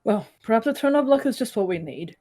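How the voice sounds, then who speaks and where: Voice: mid-range voice, big pitch swings, fast talker, dark tone, faint music behind, pitched above the performer's own voice. A game master playing a thoughtful village priest. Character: weary village priest, older man.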